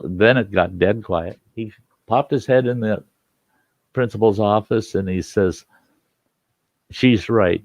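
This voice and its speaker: Gravelly low-voiced older storyteller man. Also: no echo. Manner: folksy, acts out quoted voices. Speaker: storyteller host. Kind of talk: casual spoken storytelling. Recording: dull lo-fi recording.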